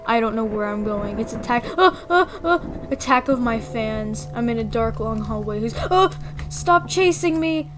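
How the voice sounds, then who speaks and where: A young woman giving casual, playful commentary as she plays a game, excitable and full of gasps and mock panic. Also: on the high side, moderate pace. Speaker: gaming video creator.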